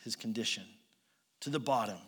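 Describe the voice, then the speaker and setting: A man preaching a sermon as pastor, moving between loud emphatic lines and quiet asides. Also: on the low side, fairly quick, slightly rough, big-room sound.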